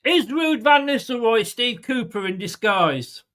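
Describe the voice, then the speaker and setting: A man's voice: very high voice, lively intonation, unhurried, a bit bright. A man hosting a live football watchalong, blunt and sweary, sarcastic and exasperated as he reacts to the match and teases his chat. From England. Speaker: fan channel watchalong host.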